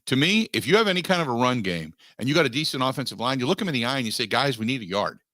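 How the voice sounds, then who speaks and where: A man hosting a sports talk radio show, giving opinionated takes in an emphatic way that climbs in pitch as he gets worked up. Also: sing-song, rapid-fire, sharp tone, no echo, clean studio sound. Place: radio studio. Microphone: studio microphone.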